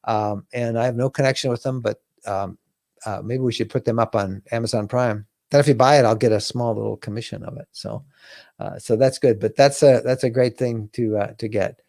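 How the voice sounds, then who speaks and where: A man's voice: medium pitch, fairly even intonation, fairly quick, creaky, darkish tone, no echo, clean studio sound. A middle-aged man hosting a live RV question-and-answer stream, chatty and upbeat, thanking viewers by name. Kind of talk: casual live-stream chat.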